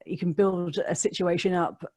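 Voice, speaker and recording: A woman's voice: lowish voice, fairly even intonation, moderate pace, a little mellow. A woman, a radio DJ, chatting as a podcast guest and telling stories with frequent laughs. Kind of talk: casual interview chat.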